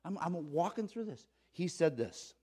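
A man's voice: expressive, moderate pace, slightly rough. Storytelling male pastor preaching a sermon. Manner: storytelling, swinging from loud exclaiming to low earnest tones. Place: church.

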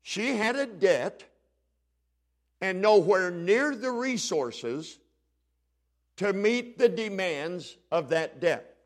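Folksy high-voiced preacher, a man with a drawl. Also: lively intonation. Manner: folksy, plays the story's characters in quick dialogue. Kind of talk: sermon with storytelling.

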